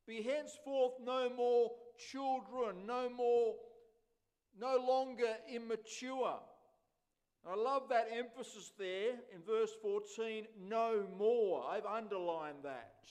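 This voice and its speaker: Man, pastor, very high voice, unhurried emphatic sermon delivery. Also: darkish tone. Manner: slow, emphatic preaching with repeated phrases.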